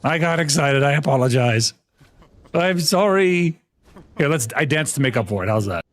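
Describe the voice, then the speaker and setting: Young man, game streamer, excitable, laughs a lot, lively up-and-down voice. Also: mid-range voice, quick pace. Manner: excitable, laughs often, talks to chat. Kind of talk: live gaming stream chat.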